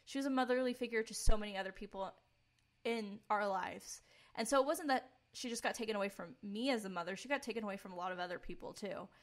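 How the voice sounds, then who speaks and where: A woman's voice: medium pitch, fast talker. Earnest young woman sharing testimony. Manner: earnest, candid, filler-heavy with frequent "like". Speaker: podcast co-host. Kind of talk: personal testimony, casual chat.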